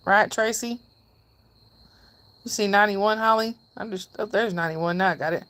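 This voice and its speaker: A woman's voice: mid-range voice, normal speed, a bit bright. A middle-aged woman hosts a live stream in a casual chat. She reads out viewer comments, thanks people by name, and laughs often.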